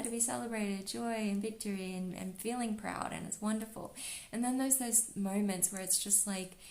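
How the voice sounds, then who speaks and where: Soft dreamy woman in a roomy space. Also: mid-range voice. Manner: soft and dreamy, full of "like" and "you know". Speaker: astrology and oracle card reader. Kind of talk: relaxed spiritual card reading.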